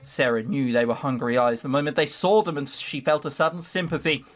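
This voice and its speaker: A man's voice: mid-range voice, fairly even intonation, fairly quick. A man hosting a let's play, reading a visual novel aloud with sardonic, swearing asides.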